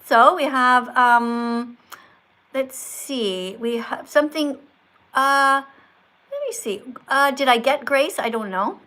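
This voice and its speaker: A woman's voice: high-pitched, takes it slowly, sharp tone. A woman hosting a live stream in a schoolteacher tone, correcting and praising viewers with emphatic delivery. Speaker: livestream host.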